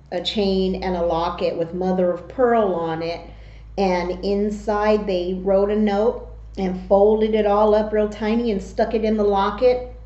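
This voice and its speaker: Middle-aged woman vlogging, slow drawn-out storytelling, mellow voice, kinda muffled echoey room. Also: mid-range voice. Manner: animated, slow and drawn-out when telling stories. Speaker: mukbang vlogger. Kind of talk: casual storytelling.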